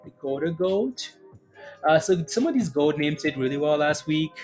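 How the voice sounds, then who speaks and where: Chuckling, rambling livestream host. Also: male voice, fairly high pitch, expressive, normal speed, a little mellow, soft background music. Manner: rambling, joking, frequent chuckles and fillers. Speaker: day-trading livestream host. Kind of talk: casual livestream commentary, answering chat.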